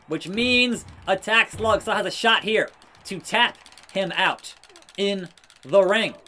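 A man giving casual, excitable commentary over a wrestling video game, swinging between loud outbursts and muttered asides. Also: high voice. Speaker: gaming YouTuber.

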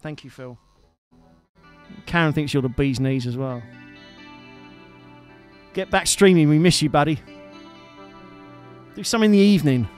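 A man's voice: on the high side, a little slow, pauses often, darkish tone. A man hosting a live music stream, chatting casually and teasingly to his viewers from a home streaming setup. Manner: chatty, teasing, jokey, fond asides. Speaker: live-streaming guitarist and host.

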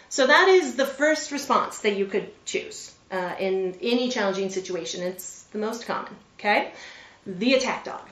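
A woman in her forties, a veterinarian, giving an animated motivational presentation and often checking in with her listeners. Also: mid-range voice, moderate pace. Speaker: veterinarian and public speaker. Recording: roomy sound from a distant mic.

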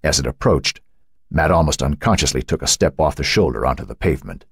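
A man with a deep, husky voice narrates a novel in a dramatic, suspenseful manner. His pitch moves widely as the tension builds. The sound is dry and close. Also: expressive, brisk, no echo. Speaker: audiobook narrator. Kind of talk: scripted audiobook narration.

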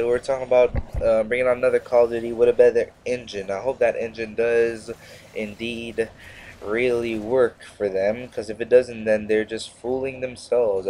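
There's slight background noise behind this teenage gamer's mid-range, darkish voice. He gives loose, sarcastic commentary on his gameplay, frequently breaking off mid-thought.

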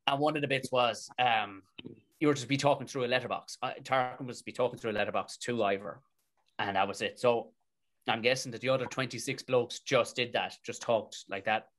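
Irish man, Tipperary accent, comedian guest; animated, sweary storyteller. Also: medium pitch, brisk. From Tipperary, Ireland. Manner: animated, swears freely, colloquial. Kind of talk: casual storytelling in a podcast interview.

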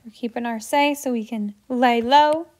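A woman's voice: fairly high pitch, normal speed, darkish tone. A woman teaching Spanish grammar in a chatty, playful way, with little asides while she works through examples. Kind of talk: explaining grammar while writing on a board.

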